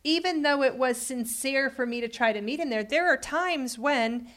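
A woman co-hosting a conversational podcast, explaining relationship patterns in an animated way with frequent laughs. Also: high-pitched, moderate pace. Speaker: podcast co-host.

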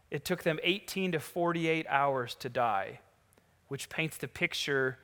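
A man's voice: medium pitch, pushed and bright, big-room sound. A man pastor preaching a sermon, reading scripture aloud and explaining it, building to emphatic lists.

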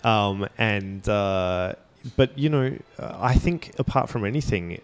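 A man's voice: fairly low pitch, a little slow, clean tone. A man, a guest on a podcast chatting thoughtfully about film and TV and sometimes searching for words, recorded live in a bookstore. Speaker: podcast guest, media critic. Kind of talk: casual chat.

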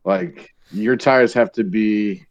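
A man's voice: lowish voice, slow pace, highs cut off. An easygoing man in casual chat, chiming in with short agreements and practical tips.

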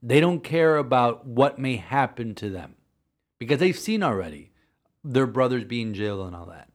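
A man, a priest co-hosting a podcast, telling a story earnestly in halting sentences full of restarts. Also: mid-range voice, big pitch swings. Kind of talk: casual podcast chat.

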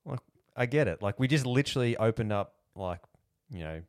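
A man with an Australian accent co-hosts a casual podcast chat, sounding laid-back and blunt and swearing casually. His medium-pitched voice has lively intonation and a fairly quick pace, recorded with clean studio sound and no room sound.

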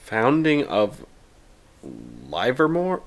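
Playful, teasing man with lively pitch. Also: slow pace. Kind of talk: casual chat.

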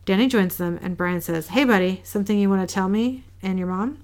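A woman casually recapping an episode as a podcast co-host, reading the characters' lines in a flat, low-key way. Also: a little fast. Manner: reads quoted lines in a flat, low-key way with small laughs.

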